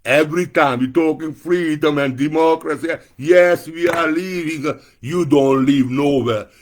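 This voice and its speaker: A man's voice: on the high side, a little slow. Angry profane man ranting. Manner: angry, profane, shouting outbursts. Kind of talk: political rant to camera.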